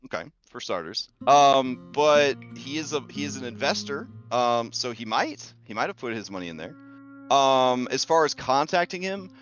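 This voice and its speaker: A man runs a tabletop session, his voice bright and lively as he narrates and sets up rolls. He talks loosely with frequent fillers and restarts. The audio is dull and lo-fi, with faint music behind. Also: mid-range voice, normal speed. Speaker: game master.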